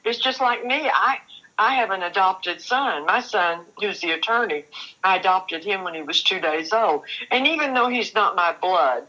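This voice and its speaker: An older woman, interviewed as a show guest, tells her own story with earnest, halting speech and many restarted sentences. Her mid-range voice is bright and forceful with lively intonation, captured on a rough recording.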